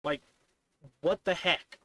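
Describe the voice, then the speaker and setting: A man streaming live while coding, rambling in exasperation and mocking the software by voicing what it says back to him. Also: slow. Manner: exasperated, rambling, mocks the software in quoted voices.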